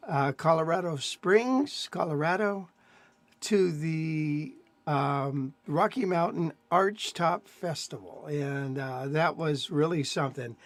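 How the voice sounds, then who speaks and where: An older man hosts a live stream in a loose, rambling way, stringing stories together with plenty of filler words. His voice sits a little high for a man. The sound is close and dry, with no room echo. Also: slow pace. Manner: rambling, chatty storytelling with many fillers. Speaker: host of a jazz guitar live stream. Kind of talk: casual live-stream chat.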